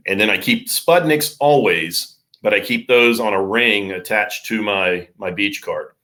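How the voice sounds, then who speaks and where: Low-voiced man talking fishing gear. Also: measured pace. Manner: relaxed, practical explaining with frequent fillers. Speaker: surf fishing charter captain. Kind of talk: casual podcast interview.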